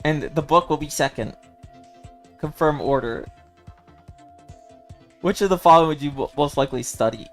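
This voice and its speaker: A man's voice: fairly high pitch, normal speed, pauses often, faint music behind. A young man streaming a casual chat as a playful, giggly, self-deprecating cat-boy persona.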